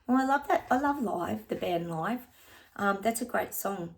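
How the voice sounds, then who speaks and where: Here is a woman giving a chatty psychic reading to her viewers. She talks at a middle pitch, loose and friendly, calling everyone guys. She hums snatches of songs between her points. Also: expressive, moderate pace, creaky. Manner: breaks into short bits of song and laughs often. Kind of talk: casual psychic reading to camera.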